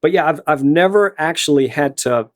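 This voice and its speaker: A man's voice: a little high, moderate pace. Middle-aged Louisiana man, retired band director, rambling friendly storyteller. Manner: storytelling, many repeated words and fillers. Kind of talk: casual interview answers.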